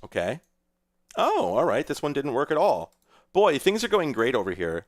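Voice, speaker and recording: Guy on a live stream, rambly and sarcastic, pitch bouncing all over, laughs at his own mess. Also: huge pitch swings, normal speed. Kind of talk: casual livestream commentary.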